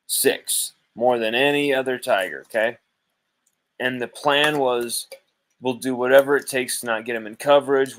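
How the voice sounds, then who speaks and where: A male sports host on a live postgame stream, talking from home. His pitch is mid-range for a man. He argues heatedly, swears freely and repeats his points to drive them home. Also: a bit bright, poor audio.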